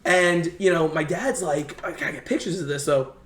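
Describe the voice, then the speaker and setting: A young man in casual chat, telling a long story in an animated way and acting out what others said. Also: fairly high pitch, slight background noise. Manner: animated, fast storyteller who acts out quotes. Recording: roomy echo.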